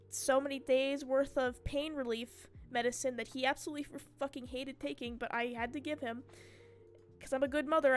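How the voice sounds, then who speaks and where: A young woman streamer telling a story in casual chat, animated and swearing freely. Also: sits high. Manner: chatty and animated, swears freely, mimics her cat's screams.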